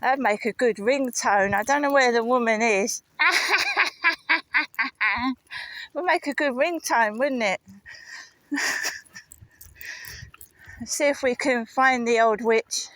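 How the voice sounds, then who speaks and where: A woman's voice: a little high, unhurried, pauses often, fairly bright tone, no echo, poor audio. A woman walking her dog outdoors, rambling and muttering asides with some swearing into a handheld camera. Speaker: vlogger. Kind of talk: casual walking vlog commentary. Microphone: handheld camera while walking.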